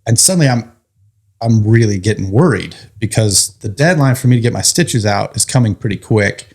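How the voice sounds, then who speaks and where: A firefighter guest with a fairly low, creaky, slightly mellow voice tells his own story at normal speed with lively intonation. He's candid and vivid, speaking plainly and swearing bluntly.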